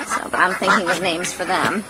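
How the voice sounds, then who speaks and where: A farm vlogger shows viewers around outdoors, chatting about her animals and cooing at them in a high baby voice. She speaks at normal speed, and the recording quality is rough.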